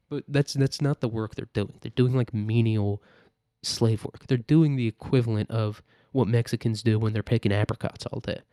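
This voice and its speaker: A man rants alone on his podcast in a loose, rambling, sarcastic way, swearing freely. His voice is mellow and dark. It sounds dry and close, with no room echo. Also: lowish voice. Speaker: podcast host. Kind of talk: casual solo rant.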